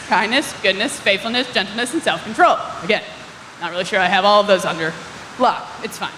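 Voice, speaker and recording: A woman's voice: on the high side, a bit bright. Chatty young woman preaching in an echoing hall. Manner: chatty, self-mocking, quick asides with filler "like". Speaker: youth ministry speaker. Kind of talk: casual sermon. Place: church hall. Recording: long hall reverb, faint ambient noise.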